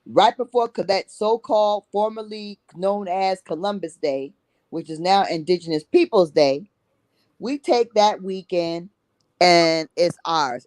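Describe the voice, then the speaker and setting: A woman's voice: lowish voice, darkish tone, dry recording, low-quality recording. Emphatic, blunt-talking woman guest. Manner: emphatic, repeats herself, drops tag 'okay?'; blunt, salty language. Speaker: guest, summit organizer. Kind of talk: passionate conversational talk.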